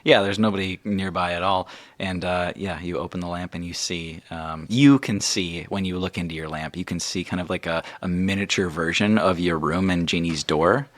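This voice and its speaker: A man's voice: low voice, steady tone, moderate pace. A man narrating as game master in a tabletop game, rambling and laughing often.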